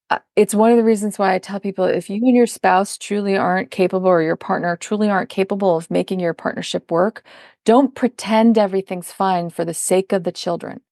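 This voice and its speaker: Speaking in a mid-range, gravelly, somewhat mellow voice, a middle-aged parenting coach guests on a podcast interview. She's emphatic and explanatory, voicing the people she quotes. The sound is dry and clean, studio-made.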